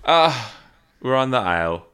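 A man co-hosting a podcast in casual comedic chat, playful and quick to laugh. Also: medium pitch, big pitch swings, pushed and bright, clear, resonant tone. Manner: playful, laughs often, riffs on jokes. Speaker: podcast co-host.

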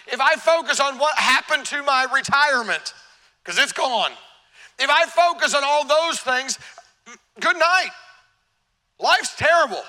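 A man preaching in a church, animated and humorous, throwing questions at his congregation. His voice sits high and sounds sharp and tense, with a long reverb filling the sanctuary. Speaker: pastor. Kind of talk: sermon.

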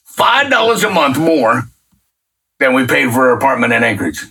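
A middle-aged man telling a faith testimony in a folksy, colloquial, animated way. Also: mid-range voice, moderate pace, gravelly, breathy edge. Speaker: guest sharing a faith testimony. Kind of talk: casual storytelling testimony. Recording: distant mic.

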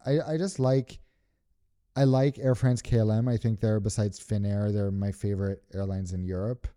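New york guy co-hosting, chatty, lowish dark voice. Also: fairly even intonation, normal speed, clear, resonant tone. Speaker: podcast co-host. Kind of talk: casual chat. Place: room in Doha, recorded together in person.

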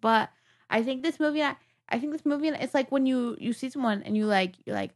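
A woman's voice: high voice, fairly quick. A young woman co-hosting a casual film review podcast, playful and jokey, sometimes dropping to a whisper. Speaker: podcast co-host.

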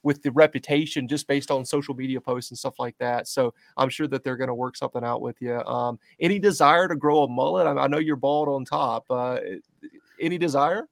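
A man hosting a casual podcast interview, chatty and enthusiastic, greeting loudly and joking with his guest. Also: mid-range voice, fairly quick, gravelly, dry recording. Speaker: podcast host.

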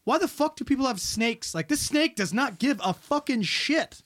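Uomo vivace e scurrile, voce acuta e mobile. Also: male voice, very high-pitched, moderate pace. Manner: animated, swears constantly, exaggerated retellings. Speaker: emergency responder. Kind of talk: casual profane chat and storytelling.

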